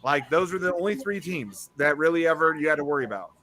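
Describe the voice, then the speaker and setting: A man's voice: on the high side, animated, quick pace, sharp tone, slight background noise. A man joking and needling the others in a casual group chat. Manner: joking, needling, laughs easily. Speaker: show regular.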